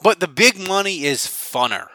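A man hosting a podcast, chatting casually and joking, with lots of quick restarts. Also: high voice, no echo. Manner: joking, excitable, many restarts. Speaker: podcast host. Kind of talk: casual chat.

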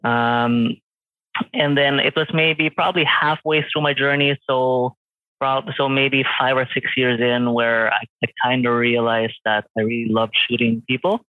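A man's voice: medium pitch, flat delivery, a little slow, no echo. A man in his late twenties, a photographer guest, talking casually with many fillers and restarts. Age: 20s. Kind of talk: casual interview chat. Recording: tinny phone-like call line.

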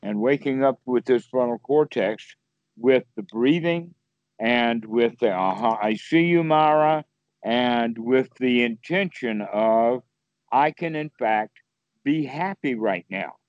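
A man's voice: slow pace, darkish tone, no echo, muffled recording. Playful male dharma teacher on a call. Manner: playful, acts out inner voices with sudden high exclamations. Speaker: Buddhist teacher. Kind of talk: casual spoken teaching on a call.

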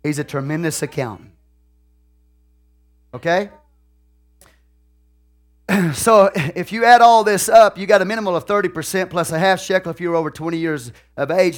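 Texan pastor guy, folksy sermon, slightly high voice, goes from quiet asides to hollering. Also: normal speed, pauses often. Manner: swings from soft asides to loud shouted preaching; folksy, peppered with "okay?" and "hallelujah".

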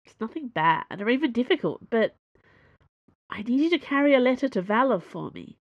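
A woman's voice: on the high side, sing-song, normal speed, no echo, highs cut off, pitched above the performer's own voice. A woman voicing an anxious, loyal man who pleads urgently with his wife.

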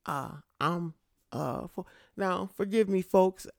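A man from Connecticut hosts a casual solo sports show, his voice gravelly and set a little high for a man. He talks slowly and haltingly, repeating words as he rambles and gloats. The sound is dry and close. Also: no echo. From Connecticut, USA. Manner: rambling, stammering, gloating with laughs. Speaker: podcast host.

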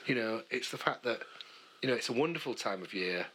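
A man's voice: medium pitch, animated, a little fast, a bit bright, slight background noise. A British man co-hosting a podcast in casual banter, teasing, swearing and laughing often. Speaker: podcast co-host.

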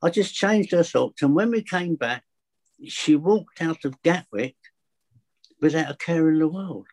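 A man's voice: fairly high pitch, lively intonation, unhurried, a little mellow. A man, a fear of flying coach, telling chatty anecdotes in an interview and acting out both sides of the dialogue. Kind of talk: casual storytelling interview.

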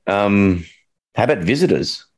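A man's voice: on the low side, animated, measured pace, a little mellow. A young man, a dog trainer, talking casually and rambling, acting out quotes with funny voices. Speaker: dog trainer, podcast co-host. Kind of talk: casual chat.

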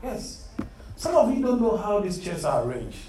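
A man's voice: sits high, sing-song, normal speed, dark tone. A man leading a Bible study as an interactive sermon, earnestly quizzing his listeners and calling them "beloved". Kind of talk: interactive sermon to a youth group. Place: room set up with chairs. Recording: echoey room, mic far off, faint hum.

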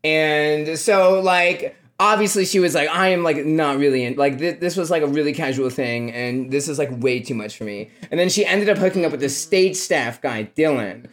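A man's voice: on the high side, normal speed, few pauses, a bit bright. A young man, a podcast guest, telling stories in casual chat with lots of filler words. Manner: rambling storytelling, heavy "like" fillers.

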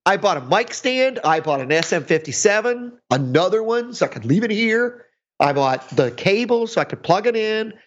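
A man's voice: high voice, sing-song, moderate pace. Podcast co-host, middle-aged man, sarcastic rambler, muffled lo-fi sound. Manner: rambling, self-mocking, sarcastic. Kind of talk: casual chat. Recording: dull lo-fi sound.

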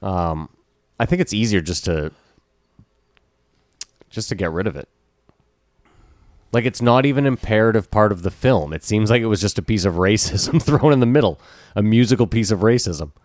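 A man's voice: fairly low pitch, lively intonation, moderate pace, pauses often, darkish tone, dry recording, clean studio sound. A man co-hosting a podcast in casual discussion, speaking hesitantly and weighing both sides. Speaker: podcast co-host.

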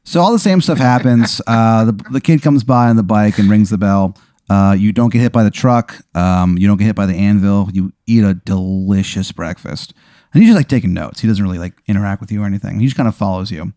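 A man's voice: fairly low pitch, warm tone, dry recording, clean studio sound. A man running an improvised tabletop game as game master, narrating in a laid-back, rambling way with many fillers.

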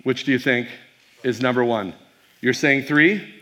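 A man's voice: medium pitch, unhurried, fairly bright tone. A man, a pastor, giving a casual keynote talk to a youth audience, telling stories with fillers and quizzing the crowd.

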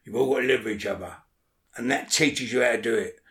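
A man's voice: medium pitch, quick pace, a bit bright, echoey room. A man talking as an interview guest in casual chat, blunt and swearing a lot, often checking that the listener follows.

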